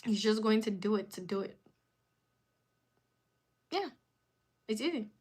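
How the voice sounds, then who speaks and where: A woman's voice: mid-range voice, lively intonation, a little slow, darkish tone, breathy edge. A woman hosting a live stream in casual chat, answering viewer comments with emphatic, repeated phrases.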